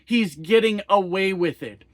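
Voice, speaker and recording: A fired-up American trucker rants straight into the camera, swearing freely and hammering rhetorical questions. His voice sits high for a man, and the sound is dry and close, with no room around it. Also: measured pace, no room sound. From United States. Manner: heated, profane, rhetorical questions. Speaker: trucker vlogger. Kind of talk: angry political rant to camera.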